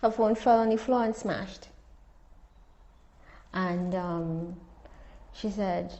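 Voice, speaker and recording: A woman's voice: mid-range voice, slow pace, dark tone, muffled recording. A woman therapist being interviewed, talking earnestly and reflectively about her work with clients. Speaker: therapist guest. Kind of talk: casual interview.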